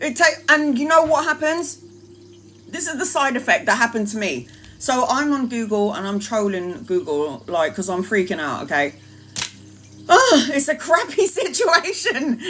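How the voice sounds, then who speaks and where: Woman, tarot streamer, casual story to her followers, laughing, swearing, tired; slightly high voice. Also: moderate pace, a little hiss or hum. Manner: animated, laughing often, swearing freely, addresses viewers directly. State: tired and low on energy.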